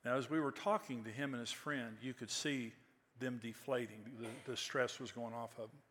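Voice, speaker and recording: Older pastor preaching in a reverberant hall. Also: male voice, mid-range voice, fairly even intonation, normal speed, fairly bright tone, slight background noise. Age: 60s. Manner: conversational, anecdotal, rising to emphatic peaks. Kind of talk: sermon with storytelling.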